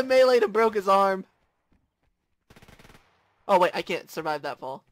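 A man hosting casual gameplay commentary, excitable, often screaming and swearing. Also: high voice, a little slow, dry recording. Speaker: gaming channel host.

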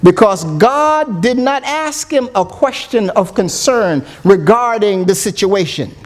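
Man, church elder, sermon, slow delivery, lively pitch, earnest.

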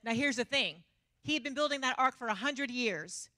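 A woman's voice: on the high side, moderate pace, no echo, studio quality. A woman preaching a humorous sermon, telling stories animatedly and laughing often. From Texas. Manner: animated, self-mocking storytelling with frequent laughter.

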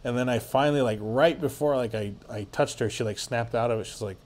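A man's voice: mid-range voice, a little fast, slight background noise. A man guesting on a podcast, telling a story in a rambling, casual way full of filler words and swearing.

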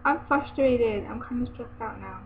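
A woman's voice: a little high, moderate pace, a crowd in the background. A teenage girl ranting in a casual webcam vlog, chatty and giggly, rambling and exasperated. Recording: tinny phone-like webcam audio, faint hiss.

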